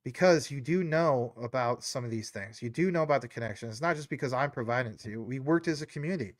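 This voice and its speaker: A man's voice: mid-range voice, fast talker, no echo, studio quality. A man hosting a live stream, talking in a rambling, casual way with lots of fillers, his nose a bit stuffy. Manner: rambling, many fillers and tangents. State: stuffy nose, a little choked up. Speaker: livestream host.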